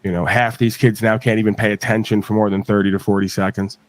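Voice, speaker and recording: A man's voice: fairly low pitch, little pitch movement, fast talker, no echo. A man from New York hosting a live stream, talking emphatically with frequent swearing and ranting. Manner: profane, emphatic, rants. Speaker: livestream host.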